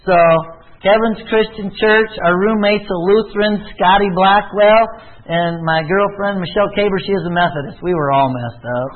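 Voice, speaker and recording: A man with a high voice preaches and tells his own testimony with earnest conviction. He keeps firing rhetorical questions at the listeners. The sound is thin and narrow, like a phone line. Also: normal speed. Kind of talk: sermon with personal testimony.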